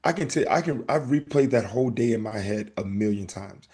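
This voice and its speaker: A man hosting a casual podcast, telling a story in an animated way and acting out the back-and-forth. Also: on the low side, brisk, breathy edge. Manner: animated storytelling, acts out exchanges. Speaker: podcast host.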